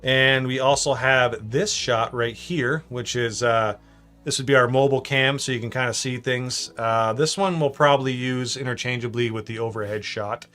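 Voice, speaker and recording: A Canadian man hosts a casual live stream from his home studio, greeting viewers and reading their comments aloud in an upbeat, chatty way. His medium-pitched voice is bright and forceful at a moderate pace, picked up by a shotgun mic over soft background music.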